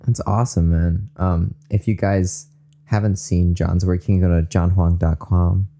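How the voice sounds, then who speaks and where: Hosting a casual faith podcast, this young man from Southern California sounds upbeat and eager and laughs a lot. His mellow voice sits low with little pitch movement, at a moderate pace.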